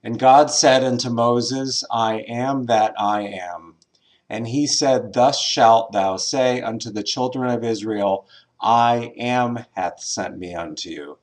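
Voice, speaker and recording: A man teaching a recorded spiritual class as a minister, in a measured way with pauses and some filler words. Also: mid-range voice.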